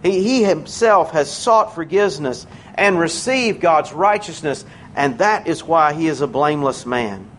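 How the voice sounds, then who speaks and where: A man preaching a sermon in a church, conversational and earnest, slowing down to stress key words. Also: a little high, expressive, a little hiss or hum.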